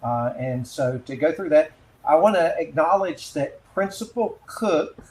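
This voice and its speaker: A man's voice: on the high side, expressive, measured pace, a little hiss or hum. Hesitant moderator man in an echoey room. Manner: hesitant, with many fillers while reading names. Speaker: webinar moderator. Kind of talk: moderating a panel, reading audience questions.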